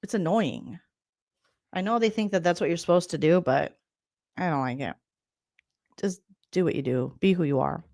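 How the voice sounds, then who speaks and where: A woman's voice: on the low side, moderate pace, long pauses, darkish tone. A woman comedian hosting a reality-TV recap vlog, talking sarcastically and breaking into mocking impressions.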